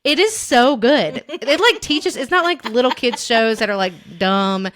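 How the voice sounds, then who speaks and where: A woman's voice: fairly high pitch, expressive, a little slow, fairly bright tone. A young adult woman co-hosting a podcast, telling stories in a loose, rambling way full of fillers and quoted voices. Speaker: podcast co-host. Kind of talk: casual chat.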